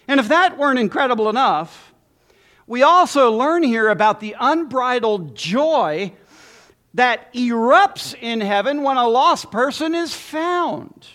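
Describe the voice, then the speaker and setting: A man preaching a sermon as pastor, emphatic with dramatic pauses and lists. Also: very high-pitched, animated, pushed and bright.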